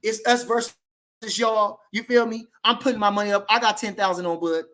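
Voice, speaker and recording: A man hosting a boxing channel livestream, reading the chat and trash-talking loudly and profanely, with many "you know" fillers. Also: sits high, little pitch movement, a little fast. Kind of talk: livestream rant.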